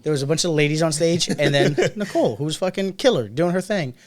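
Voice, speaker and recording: Podcast co-host, male, slightly higher voice, animated storyteller who jumps into character voices. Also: fast talker. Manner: animated, acts out quotes in other voices. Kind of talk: casual storytelling chat.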